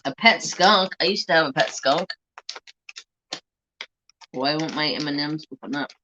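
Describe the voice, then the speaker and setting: This man's voice sits on the high side and keeps a measured pace, with background noise behind it. He hosts a craft livestream, talking in a blunt, casual way and cursing often, all captured in dull lo-fi audio.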